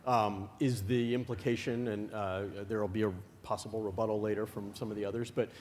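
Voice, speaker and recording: A man moderating a conference panel as a journalist, halting and restarting his sentences as he thinks aloud. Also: on the low side, level tone, a little mellow. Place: conference hall. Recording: long hall reverb, faint noise.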